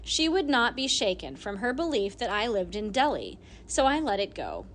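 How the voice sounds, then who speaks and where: A woman narrating an audiobook in the first person, telling the story in an animated, expressive way. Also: mid-range voice, moderate pace, slight background noise.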